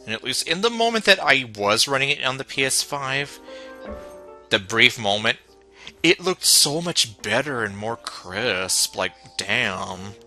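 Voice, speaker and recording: A man's voice: mid-range voice, sing-song, a little slow, bright, forceful tone, faint music behind. A man streaming a video game, making casual, sardonic joking asides. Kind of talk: casual live-stream commentary.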